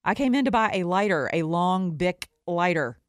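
A woman's voice: on the low side, expressive, moderate pace, no echo, clean studio sound. A woman hosting her own talk show, ranting bluntly with sarcastic asides. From living in Atlanta. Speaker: show host; recording artist. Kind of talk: opinion talk show monologue.

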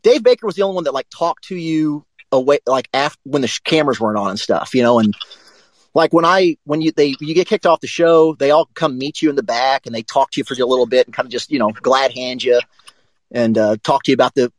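A man co-hosting a live sports talk show, telling a rambling, profane story in a casual, animated way. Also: mid-range voice, fast, dry recording, low-quality recording.

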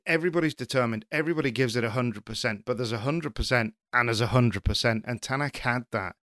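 A man's voice: medium pitch, fast talker, no echo. Firm, storytelling man with dry sound. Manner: animated storyteller, argues back firmly. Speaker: rally journalist. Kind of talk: casual chat.

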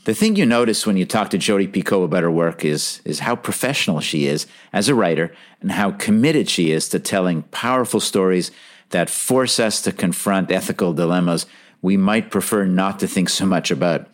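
Male podcast host, slightly low voice, earnest and upbeat delivery. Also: normal speed. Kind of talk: scripted podcast introduction.

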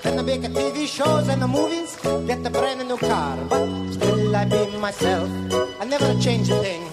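A man's voice: extremely high pitch, moderate pace. A man playing a boastful comic Italian crooner on an old TV broadcast, singing a novelty song in broken English with a put-on Italian accent. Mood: brash. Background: loud backing music.

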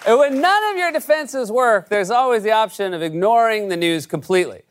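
Man, comedy news monologue, sarcastic punchlines, high animated voice. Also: brisk, hardly any pauses, crowd noise, background noise. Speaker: late-night comedy host. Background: studio audience laughter.

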